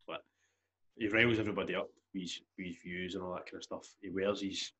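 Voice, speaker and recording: A man's voice: deep voice, steady tone, quick pace, pushed and bright, dull audio. A young Scottish man chatting casually as a podcast co-host, rambling and swearing freely. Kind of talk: casual chat.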